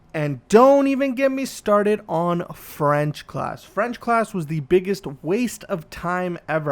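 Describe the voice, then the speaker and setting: A man hosting a podcast, delivering a profane, ranting comedic monologue. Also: sits high. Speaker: podcast host.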